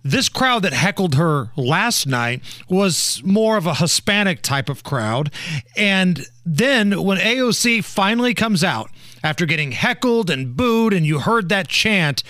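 A man co-hosting a talk radio show, animated and mocking as he sets up comic bits. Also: high voice, measured pace, no echo, studio quality.

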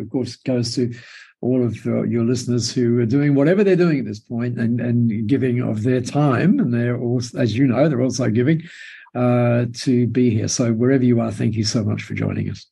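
Gravelly Australian man telling a story. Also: medium pitch. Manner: enthusiastic, expressive storyteller. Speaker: guest, business mentor. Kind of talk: conversational storytelling.

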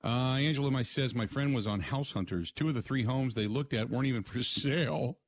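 A male sports radio host, talking in loose, joking rants at an ordinary mid pitch. His voice is close and dry in the studio, with no room sound. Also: a little fast, no echo. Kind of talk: casual radio talk. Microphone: studio mic.

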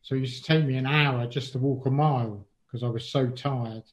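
A man's voice: medium pitch, fairly even intonation, brisk. A man living with Parkinson's answering interview questions in a chatty way, with frequent ums and sort ofs. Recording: dull lo-fi sound.

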